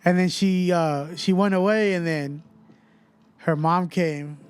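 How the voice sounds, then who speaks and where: A man's voice: high-pitched, slow, smooth, no room sound. A young adult man from Fresno, a rapper guest telling a story in casual chat and acting out the people in it. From Fresno, California. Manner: animated storyteller who acts out other people's voices.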